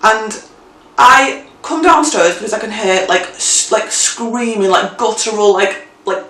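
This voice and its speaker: A young woman telling a story in a casual vlog, animated and chatty, swearing freely. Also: mid-range voice, a little slow, far from the mic. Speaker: vlogger. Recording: roomy, mic set back.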